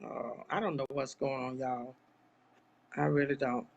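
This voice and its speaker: A woman's voice: rumbling low, flat delivery, measured pace, vocal fry, muffled recording, slight background noise. A woman hosting a live online talk show, speaking straight to her viewers in an impassioned, churchy way. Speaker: live-stream host. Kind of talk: casual live chat.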